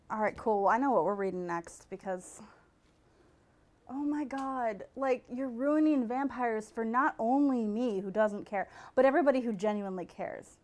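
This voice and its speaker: A woman hosting a podcast in casual comedic chat, animated, laughing and breaking into incredulous outbursts. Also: on the high side. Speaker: podcast host.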